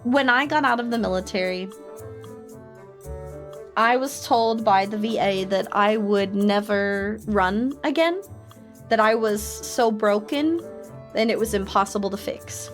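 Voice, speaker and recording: A woman and military veteran casually telling a story on her stream, animated and laughing as she acts out friends' voices. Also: mid-range voice, measured pace, faint music behind.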